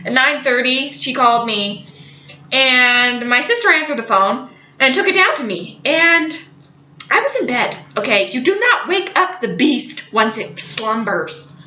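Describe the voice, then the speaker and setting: A young woman, a college student, telling a funny story in an animated, dramatic way. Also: high voice, a little slow, reverberant, lo-fi sound. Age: young adult. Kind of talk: storytelling vlog.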